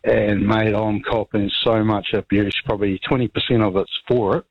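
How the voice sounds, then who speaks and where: A New Zealand man calls in to a radio show and rambles, filling his talk with ums and mates. His voice sits a little low. The call comes through a dull, muffled phone line that sounds dry. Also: fairly even intonation, moderate pace, slightly rough, no echo. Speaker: caller.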